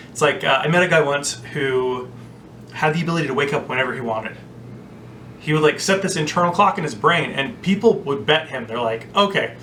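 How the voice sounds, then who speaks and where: A man giving a casual, chatty teaching talk on prayer, full of anecdotes and "like". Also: a bit bright. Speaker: spiritual teacher. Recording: distant mic with faint rumble.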